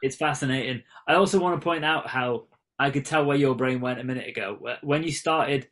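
A man's voice: mid-range voice, brisk, a bit bright. A man on a podcast, dryly mocking his co-host in casual chat. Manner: dry, mocking.

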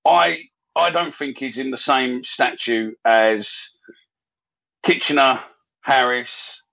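A man hosting a live fan podcast, talking in a loose, easygoing way. His voice sits at an ordinary middle pitch, and he fills pauses with ums and uhs as he brings callers on. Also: steady tone, creaky, sharp tone. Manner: easygoing, chatty, loose with fillers. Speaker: podcast host. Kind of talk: casual live fan-show chat.

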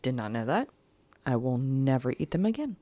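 A woman co-hosting a podcast, telling trip stories in an animated way and laughing often. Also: a bass voice, normal speed. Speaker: podcast co-host. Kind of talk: casual chat.

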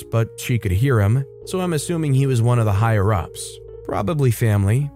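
A man's voice: medium pitch, a little mellow. A man narrating a revenge story from a forum in a sarcastic, conversational way.

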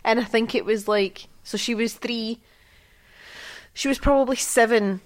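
A woman chats casually on a parenting podcast. She tells family stories with lively energy and laughs often. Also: on the high side, measured pace. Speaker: podcast co-host. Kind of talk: casual chat.

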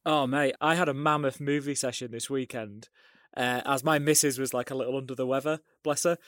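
A man co-hosting a casual film podcast, chatty and quick to laugh. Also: mid-range voice, steady tone, a bit bright, no echo, clean studio sound. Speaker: podcast co-host.

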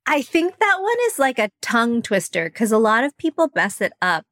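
A woman in casual chat with a fairly high voice, relaxed and teasing, stating things matter-of-factly. The sound is close and dry, with no room echo. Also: moderate pace. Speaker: podcast co-host.

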